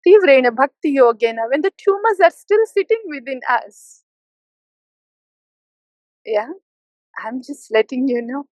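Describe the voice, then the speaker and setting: A woman's voice: high voice, big pitch swings, unhurried, long pauses, a little mellow, no echo, poor audio. A woman spiritual teacher giving a devotional talk, playfully mimicking complacent listeners.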